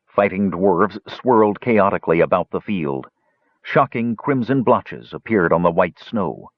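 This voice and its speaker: Male narrator, low husky voice, lively storyteller, dry muffled recording. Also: a little slow, dry recording. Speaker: audiobook narrator. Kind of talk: scripted narration.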